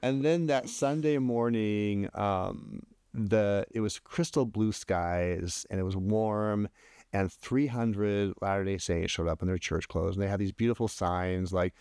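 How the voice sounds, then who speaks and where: A man telling a story as a podcast guest in casual chat, animated, with many restarts, his voice jumping higher when he quotes himself. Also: measured pace, clean tone, no echo, studio quality. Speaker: podcast guest, LGBT advocate.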